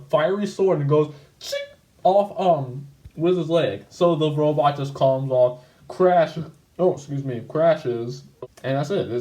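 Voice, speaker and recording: A man's voice: on the high side, mellow, roomy sound, rough recording. Rambling guy reacting to old work. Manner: rambling, lots of "like" and self-corrections. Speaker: channel host. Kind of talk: casual video commentary.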